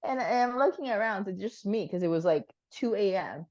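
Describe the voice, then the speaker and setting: A woman's voice: medium pitch, animated, a little fast, darkish tone, muffled recording. A woman telling a funny story in casual chat, swearing freely and laughing as she goes. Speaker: guest.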